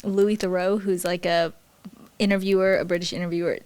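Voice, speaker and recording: A woman's voice: lowish voice, level tone, fairly quick, noisy background. A woman hosting a candid interview, affirming her guest and laughing easily. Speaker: host. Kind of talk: conversational interview.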